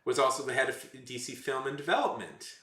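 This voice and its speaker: A man's voice: mid-range voice, fast, a bit bright. Rambling man streaming, roomy echo. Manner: rambling, self-correcting, sarcastic asides. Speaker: livestreamer. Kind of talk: casual chat with live chat.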